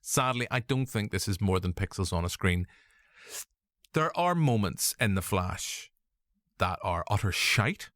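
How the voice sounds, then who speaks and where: A man's voice: lowish voice, unhurried, no room sound, clean studio sound. A man with a Northern Irish accent hosting a casual film review chat, jokey and full of swearing. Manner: animated, swearing, jokey asides. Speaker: podcast host.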